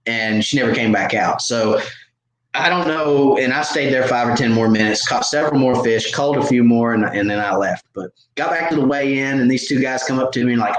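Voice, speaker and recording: Animated man telling a story, echoey. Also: mid-range voice, normal speed. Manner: animated, self-mocking storyteller. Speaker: host. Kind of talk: casual storytelling.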